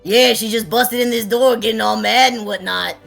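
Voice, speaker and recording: A woman's voice: fairly high pitch, moderate pace, vocal fry, fairly bright tone, soft background music. A woman playing a tabletop game in character, talking in a sheepish, joking way. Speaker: player.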